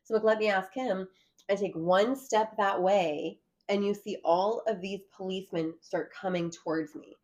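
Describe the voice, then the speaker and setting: A woman giving an earnest, animated account of her arrest during a conversation. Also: mid-range voice, moderate pace. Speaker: guest recounting an arrest.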